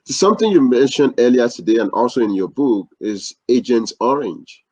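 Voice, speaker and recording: A man's voice: mid-range voice, expressive, normal speed, darkish tone, dry recording. A man hosting a podcast interview, asking short, polite questions. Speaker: podcast host. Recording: dull lo-fi, dry sound.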